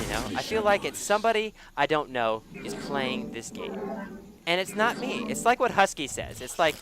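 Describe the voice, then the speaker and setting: A young man commentating his own strategy game match at home, rambling and mocking himself, with bursts of shouted frustration and swearing. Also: fairly high pitch, big pitch swings, normal speed, a loud crowd. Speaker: gameplay commentator. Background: background music.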